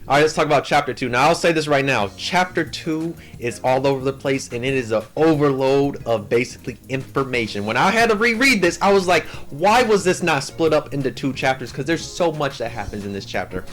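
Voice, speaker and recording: A young man hosting an anime channel, recapping a story in a casual, slangy, animated way, full of "like" and "yo.". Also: mid-range voice, a little fast, few pauses, soft background music.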